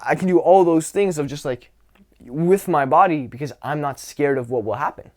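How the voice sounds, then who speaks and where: In a laid-back lesson on social skills, a man's fairly high voice moves from whisper to loud as a demonstration of dynamics. His drawn-out, grounded delivery includes sighs and deliberately slowed words for emphasis.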